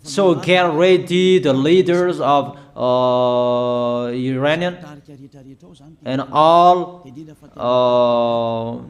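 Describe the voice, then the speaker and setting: Slow, emphatic man preaching prophecies. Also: mid-range voice, fairly even intonation. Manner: declaiming, emphatic, repeats warnings, halting fillers. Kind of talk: prophetic sermon.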